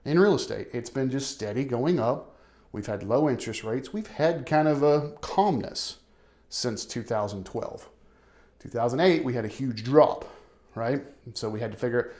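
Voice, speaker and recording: A man talking like a realtor telling a story over a market update. His pitch sits in a middle range. He keeps it loose and conversational, tossing in "right?" as he goes. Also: darkish tone.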